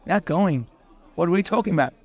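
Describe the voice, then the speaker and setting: A man's voice: sits high, expressive, a little fast, muffled recording. A man acting out frantic male messengers who urge a prisoner to hurry, in a pleading, urgent way.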